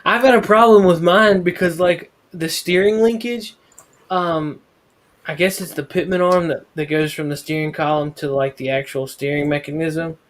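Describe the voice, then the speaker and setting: A man in casual podcast chat, laughing often and speeding up when he gets excited. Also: on the high side, moderate pace.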